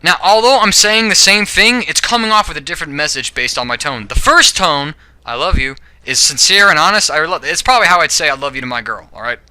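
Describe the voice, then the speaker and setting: A man's voice: fairly high pitch, sing-song, a little fast, few pauses, bright, forceful tone, smooth, no echo. A man giving a casual, rambling opinion monologue to camera, with frequent "you know" and "all right?" and stumbling restarts. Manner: self-correcting, stumbling restarts. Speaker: video blogger.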